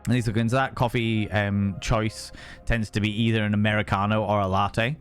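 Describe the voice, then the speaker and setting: Rambling from one subject to the next, a young streamer reads chat, swears openly and says hello to viewers by name in a casual chat. He speaks fairly quickly in a lowish voice with little pitch movement, over soft background music.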